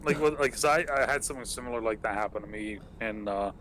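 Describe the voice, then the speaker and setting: A man's voice: fairly low pitch, quick pace, a bit bright, slight background noise, low-quality recording. A young man who grew up in England, hosting a podcast and telling rambling, profanity-laced stories in casual chat with plenty of fillers. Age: young adult. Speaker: podcast host.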